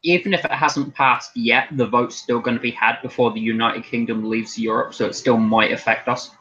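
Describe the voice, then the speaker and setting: A man's voice: medium pitch, steady tone, normal speed, bright, forceful tone, slightly rough. A British man chatting on a panel with dry, self-mocking humor. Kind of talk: casual panel chat. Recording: dull lo-fi call audio.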